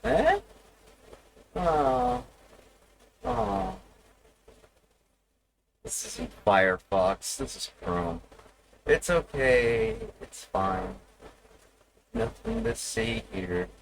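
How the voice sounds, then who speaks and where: A man's voice: sits high, huge pitch swings, very slow, vocal fry, long pauses, background noise. A man streaming live, rambling and profane as he teases his viewers. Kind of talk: casual live stream chat.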